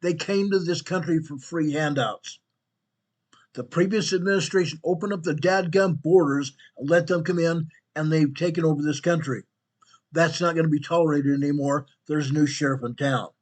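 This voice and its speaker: A man hosting a talk show, hoarse and losing his voice from laryngitis, speaking bluntly and calling his listeners "guys". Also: fairly high pitch, moderate pace. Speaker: host. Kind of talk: casual political talk show.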